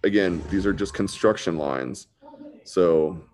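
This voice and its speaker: A drawing instructor runs a relaxed live online class, chatting like a friend and dropping "dude" often. His voice sits low with a darkish tone and a slightly slow delivery, and there's a little hiss or hum on the recording.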